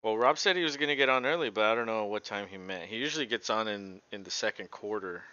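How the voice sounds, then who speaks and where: Casual male host, bright voice, play-by-play from home, dry dull mic. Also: lowish voice, fast talker, no echo. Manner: chatty, laughs often, talks to his dog. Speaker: podcast host doing live play-by-play. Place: home room with his dog.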